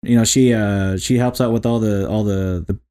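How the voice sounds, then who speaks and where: A man's voice: lowish voice, normal speed. A young man co-hosting a podcast, chatting easily, saying "dude" often and dropping jokey asides. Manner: relaxed, says "dude" a lot, joking asides. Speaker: podcast co-host. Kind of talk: casual chat.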